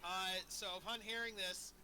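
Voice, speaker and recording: Man as a player, high voice, deadpan, noisy mic. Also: moderate pace. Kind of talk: tabletop game play.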